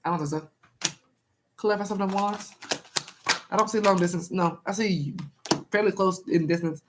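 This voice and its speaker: A woman's voice: lowish voice, steady tone, normal speed, very noisy. A young woman doing a casual live-stream tarot reading, chatting with viewers and repeating herself.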